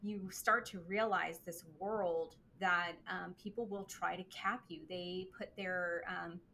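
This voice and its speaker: A woman's voice: on the low side, steady tone, slow, vocal fry, sharp tone, slight background noise. A woman hosting an interview, answering her guest with enthusiastic, affirming chat. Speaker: podcast host. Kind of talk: conversational interview.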